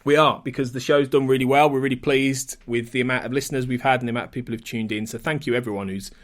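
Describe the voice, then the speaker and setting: A man's voice: mid-range voice, steady tone, fast talker. A man co-hosting a podcast, talking in a chatty, enthusiastic way with frequent restarts. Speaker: podcast co-host. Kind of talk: casual podcast chat.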